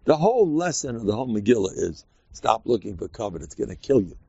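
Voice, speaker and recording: Gravelly animated male Torah teacher. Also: medium pitch, fast talker, no room sound, dull audio. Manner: lively, acts out quoted voices, laughs often.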